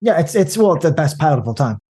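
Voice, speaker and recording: Rambling, animated man chatting about movies. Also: on the high side, fast talker. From American Midwest. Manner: rambling, animated storyteller with many restarts. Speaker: podcast guest. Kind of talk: casual movie chat.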